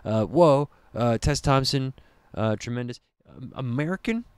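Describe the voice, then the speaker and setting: A man co-hosting a casual podcast, rambling excitedly about a trailer he just watched. His voice sits at an ordinary middle pitch and sounds dry and close to the mic. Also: measured pace, clean tone, no room sound. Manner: excitable, rambling, puts on mock voices when retelling. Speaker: podcast co-host. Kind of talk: casual trailer reaction chat.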